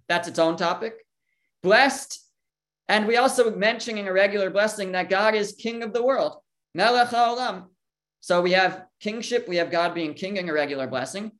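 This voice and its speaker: Torah teacher, explanatory lesson, reasons aloud, translates Hebrew terms, mid-pitched voice. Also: a bit bright. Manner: thinks aloud, poses questions and answers them.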